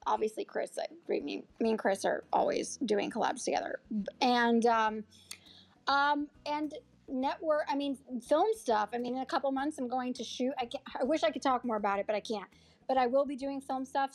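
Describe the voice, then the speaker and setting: A woman actor being interviewed in a casual chat, earnest and heartfelt, rambling with fillers and restarts. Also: high voice. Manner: heartfelt, moved close to tears. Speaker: actor and acting coach, interview guest. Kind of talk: casual interview over an audio chat app. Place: audio chat room.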